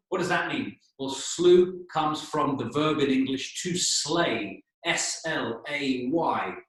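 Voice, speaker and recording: A male English teacher with a fairly high voice tells a story for learners. He explains patiently, spells out words and keeps checking in with "okay?", in a very echoey room with the mic set back from him. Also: a bit bright. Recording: echoey room, voice a bit distant.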